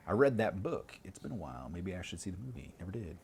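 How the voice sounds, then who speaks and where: A man's voice: sits low, sing-song, quick pace, hardly any pauses, a little hiss or hum. A man chatting casually with viewers on a livestream, rambling, swearing and muttering asides. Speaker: streamer.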